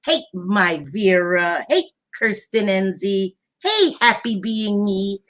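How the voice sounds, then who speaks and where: A loud, chatty woman hosting a casual livestream. She greets viewers one by one with affectionate pet names, in a voice of ordinary, mid-range pitch. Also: slow pace. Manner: loud, animated voice. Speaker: livestream host.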